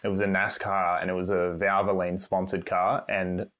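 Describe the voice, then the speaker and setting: Deep-voiced Australian man chatting. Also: little pitch movement, normal speed, fairly bright tone. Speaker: podcast guest, cinematographer. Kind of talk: casual chat.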